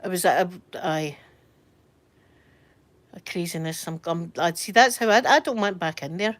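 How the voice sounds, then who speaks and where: A woman's voice: lowish voice, normal speed, long pauses, fairly bright tone. A Scottish woman chatting casually from bed during a livestream, telling rambling stories and answering viewer comments. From Scotland. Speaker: livestream host. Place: in bed at home.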